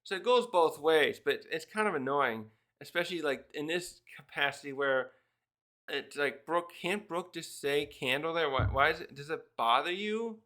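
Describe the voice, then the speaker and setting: A man's voice: fairly high pitch, lively intonation, bright, forceful tone. A man giving a casual spoken review of a manga chapter, rambling and briefly acting out the characters' lines. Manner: rambling, acts out character lines in quick put-on voices.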